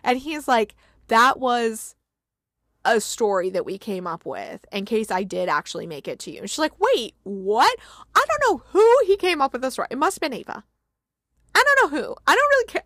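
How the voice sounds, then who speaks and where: A woman hosting a podcast, excitedly retelling movie scenes in a casual, gushing chat full of "like" and laughter. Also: high voice, unhurried, long pauses, no echo, studio quality. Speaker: podcast host recapping movies.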